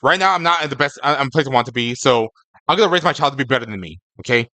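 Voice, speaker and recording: A man's voice: mid-range voice, animated, very fast, pushed and bright, no room sound. A young man streaming live, chatting casually with his viewers in a rambling, stammering way, often tagging his lines with "okay?".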